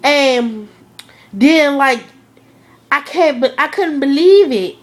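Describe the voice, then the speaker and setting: Gushing woman with a high voice. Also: expressive, slow pace. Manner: gushing, lots of "like" and "oh my goodness". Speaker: vlogger reviewing a TV episode. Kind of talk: casual excited chat.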